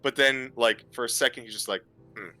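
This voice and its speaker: A man narrating a tabletop game as game master, in an unhurried, drawn-out way. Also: mid-range voice, fairly even intonation, pushed and bright.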